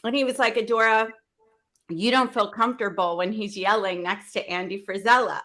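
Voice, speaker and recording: A woman hosting a business event, telling a story with animated energy. Her voice is slightly high. She acts out the dialogue and often breaks into laughter. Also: normal speed. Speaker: event host. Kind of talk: storytelling panel talk.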